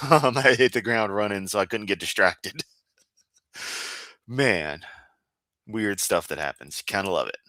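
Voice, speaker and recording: A man's voice: fairly low pitch, expressive, slow, long pauses, sharp tone, dry recording, studio quality. A man hosting a livestream and reacting to clips in casual commentary, sarcastic and mocking, laughing often.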